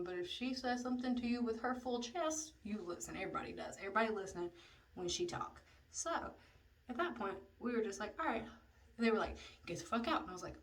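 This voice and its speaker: A young woman telling a casual storytime, chatty and profane, dropping into whispers for asides. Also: medium pitch. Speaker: vlogger. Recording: slightly distant mic, faint noise.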